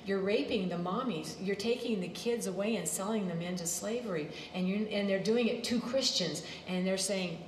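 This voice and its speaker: A woman's voice: mid-range voice, normal speed, few pauses, reverberant, a little hiss or hum, low-quality recording. A woman preaching a sermon, emphatic, repeating her phrases and drifting into side stories.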